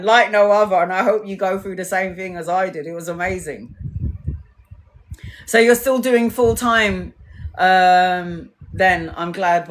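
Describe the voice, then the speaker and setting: A woman reads tarot on a live stream, chatting casually and swearing freely while she animatedly acts out what others told her. Her pitch is medium.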